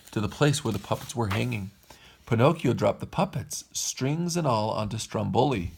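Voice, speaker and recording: Gravelly dad reading a storybook aloud. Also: male voice, mid-range voice, normal speed. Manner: expressive, lilting read-aloud. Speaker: father reading to his kids. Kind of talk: storybook read-aloud narration.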